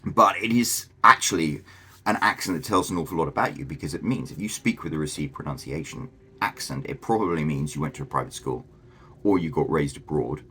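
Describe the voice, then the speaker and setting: A man's voice: rumbling low, brisk, sharp tone, husky. A man, explaining things casually to camera as a vlogger, thinking aloud with fillers and restarts. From England.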